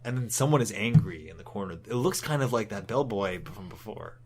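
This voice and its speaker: A man's voice: lowish voice, animated, fairly quick, crowd noise. A man casually recapping a comic book on a podcast, rambling, laughing and swearing as he goes. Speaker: podcast co-host.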